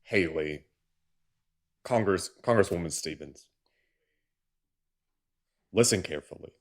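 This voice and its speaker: A man from the American South co-hosting a political livestream, ranting with sarcastic exasperation. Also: sits low. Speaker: co-host. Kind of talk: political commentary rant.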